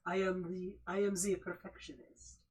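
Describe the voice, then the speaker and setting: A woman voicing a vain, perfectionist male gargoyle designer in a put-on French accent, halting as she hunts for words. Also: on the low side, level tone, a little mellow, natural voice, rough recording. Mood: haughty.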